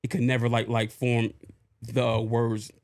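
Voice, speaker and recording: A man co-hosting a podcast, speaking in a slow, halting and reflective way. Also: mid-range voice, little pitch movement, darkish tone, no echo. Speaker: podcast co-host. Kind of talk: casual chat.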